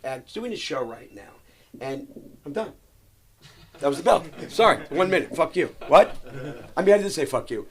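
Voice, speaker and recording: A man with a lively, swooping voice riffs his way through improvised banter at a comedy club. He sounds offhand and teasing, and he jumps from thought to thought. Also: medium pitch, slight background noise. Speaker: performance artist dropping by the open mic.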